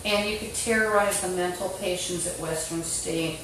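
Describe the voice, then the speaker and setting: A woman's voice: fairly low pitch, fairly even intonation, normal speed. A woman talking into a phone on a livestream in an agitated, rambling monologue, swearing often. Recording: roomy echo, faint background hum.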